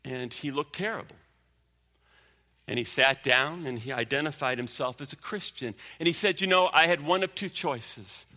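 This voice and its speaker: A man preaching a sermon as pastor, emphatic, sinking low and quiet for stories. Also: moderate pace, long reverb tail. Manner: emphatic preaching, drops low and quiet when telling a story.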